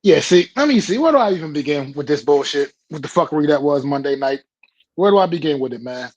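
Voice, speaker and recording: A man co-hosting a sports talk show, ranting bluntly and profanely in a deliberate, emphatic way. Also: fairly high pitch, lively intonation, a little mellow. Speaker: co-host. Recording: dull lo-fi mic.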